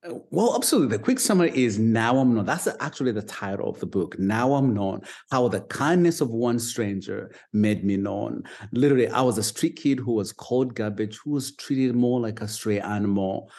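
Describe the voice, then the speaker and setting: A man's voice: mid-range voice, expressive, normal speed, gravelly, hardly any pauses, a little mellow. A man with a Ugandan British accent, a guest in an interview, talking about foster care in an earnest, upbeat way with small restarts. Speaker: guest, foster dad and advocate. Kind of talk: conversational interview.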